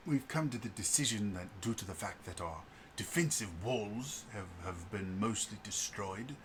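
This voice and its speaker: A man voicing a calm male expedition leader who speaks in a measured, formal way. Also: lowish voice, background noise, natural voice.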